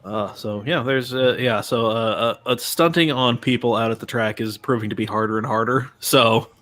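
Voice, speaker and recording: A man's voice: mid-range voice, normal speed, fairly bright tone. A man hosting a casual live stream, chatting loosely with many fillers and restarts. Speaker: stream host.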